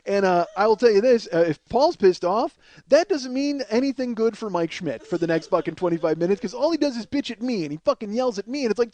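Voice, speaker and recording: A man in his forties, a comedian and podcast host, telling a profane comic story in an animated way, swearing often and laughing as he goes. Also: high-pitched, fast talker. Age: 40s.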